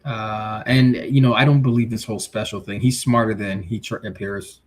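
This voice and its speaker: A man's voice: fairly low pitch, moderate pace. A male livestream host chatting casually, reading viewer comments and giving blunt, slangy takes. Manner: blunt, animated, street slang.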